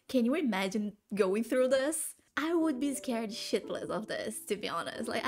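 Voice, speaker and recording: A woman reacting to a TV drama, emotional and gushing, cursing freely in casual commentary. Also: on the high side.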